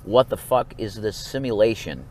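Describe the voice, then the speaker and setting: A man's voice: lowish voice, expressive, moderate pace, slight background noise. Rambling, profane vlogging man. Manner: rambling, profane, restless swings between mumbling and outbursts. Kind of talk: casual rambling monologue.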